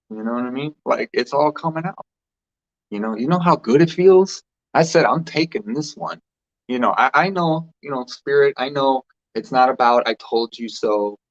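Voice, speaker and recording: A man who channels spirits, giving a rambling, casual spiritual talk full of fillers. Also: lowish voice. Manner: rambling, animated, filler-heavy. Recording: dull lo-fi sound.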